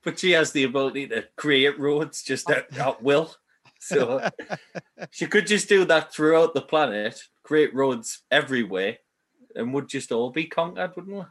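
A man's voice: a little high, lively intonation, unhurried, a bit bright. Easygoing man chatting. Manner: easygoing, asks for agreement with tag questions. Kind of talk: casual chat reviewing an old puppet show.

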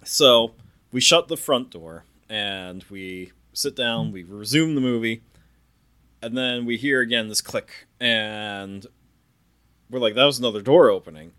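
A man in his thirties, a podcast host, telling a ghost story in a casual, animated way and acting out the sounds. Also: medium pitch, takes it slowly, clean tone. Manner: animated, acts out sounds and quotes.

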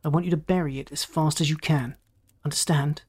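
A man's voice: a little high, steady tone, fairly quick, darkish tone, slightly rough. A reader voicing a driven male space captain who barks urgent orders in a storybook reading. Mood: commanding.

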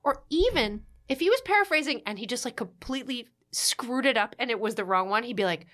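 A woman telling a story in relaxed podcast conversation. She talks with quick asides and plays out quoted lines as she goes. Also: on the high side. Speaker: guest telling a marriage story. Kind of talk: casual podcast chat.

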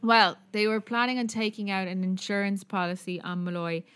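This Irish podcast co-host recounts a true story in a chatty, casual way, peppered with fillers and the occasional swear. Her medium-pitched voice is steady, fairly quick, a bit bright and smooth.

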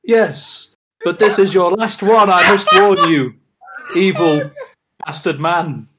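A man's voice: high-pitched, slow pace, very noisy. A man playing a smug, forgiving Father Christmas in a role-play game, talking with half-suppressed laughter.

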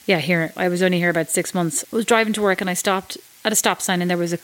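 A woman's voice: fairly low pitch, steady tone, quick pace. A woman from Ireland with an Irish accent, co-hosting a podcast and telling wry, chatty stories in casual conversation. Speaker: podcast co-host. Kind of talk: casual chat.

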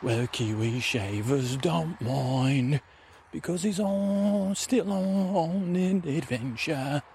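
A man voicing a dreamy, whimsical woodland adventurer with a slow, drawn-out, sing-song delivery, recorded outdoors on a handheld recorder. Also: fairly high pitch, vocal fry, darkish tone, pitched above the performer's own voice, full character voice. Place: outdoors on a wooded trail. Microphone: handheld recorder with fuzzy windscreen. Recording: faint outdoor traffic ambience.

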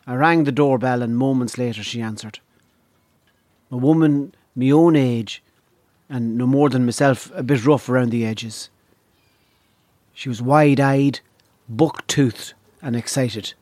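A man from Donegal with an Irish accent, telling a comic story in a wry, deadpan way. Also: medium pitch, measured pace, long pauses, no room sound. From Donegal, Ireland. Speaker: comedian.

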